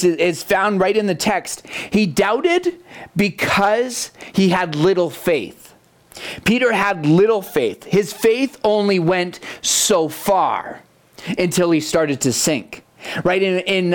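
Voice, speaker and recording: A man preaching a conversational sermon, animated, with rhetorical questions and frequent restarts. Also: high voice.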